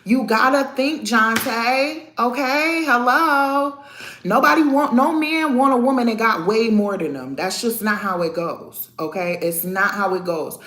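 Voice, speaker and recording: A woman in her thirties chatting casually on a live stream, animated and talkative, calling out her viewers by name. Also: fairly high pitch, a little slow, reverberant. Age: 30s. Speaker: vlogger talking to live chat.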